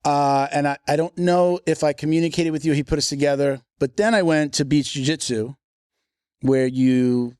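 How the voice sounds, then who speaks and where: A man's voice: fairly high pitch, steady tone, normal speed, darkish tone, clear, resonant tone, dry recording, studio quality. A man hosting a podcast, chatting casually and joking, often restarting his sentences. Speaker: podcast host.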